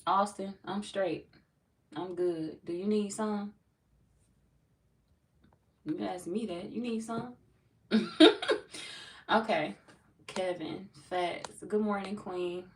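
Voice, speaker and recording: Her mid-range voice is steady and slow, with long pauses, and the mic sits far away. This woman reads tarot on a casual livestream, greeting the live chat, voicing viewers' comments, and laughing often.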